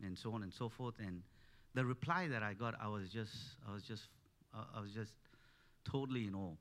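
A man's voice: fairly low pitch, a bit bright. A man preaching a sermon, telling a story with many restarts and building to emphatic peaks.

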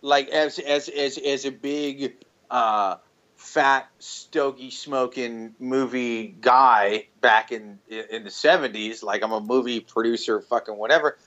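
A man's voice: mid-range voice, measured pace, a bit bright, highs cut off. A man co-hosting a podcast in loose, profane, joking chat while drinking. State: tipsy, drinking. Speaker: podcast co-host.

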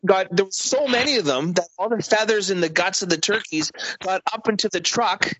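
A man's voice: sits high, a little fast, bright, forceful tone, a little hiss or hum. A man in casual chat, telling a story in a rambling, profane way with many restarts. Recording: dry, dull lo-fi audio.

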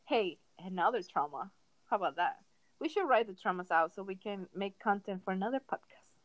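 A woman co-hosting a podcast, telling a story in a dramatic, animated way in casual chat. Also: mid-range voice, fairly quick, no echo. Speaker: podcast co-host.

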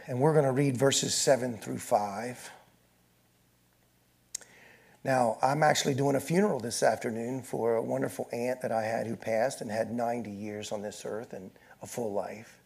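A man's voice: mid-range voice, steady tone, normal speed, gravelly, few pauses, a little mellow, husky. A male pastor preaching a sermon, reading scripture aloud and building in intensity as he addresses the congregation.

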